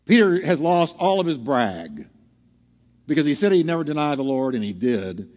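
A man preaching a teaching sermon to a congregation, animated and often asking the audience questions. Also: on the high side, moderate pace. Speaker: pastor. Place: church hall with live audience. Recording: long hall reverb.

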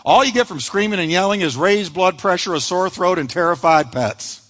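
A man's voice: sits high, animated, fairly quick, fairly bright tone, in a large hall. A pastor preaching a sermon to a congregation, acting out the quoted lines of the people he describes.

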